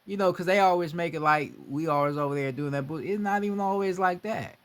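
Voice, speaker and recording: Brief: young man, slightly high voice, casual profane rant, animated delivery. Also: fast talker, smooth. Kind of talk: casual monologue.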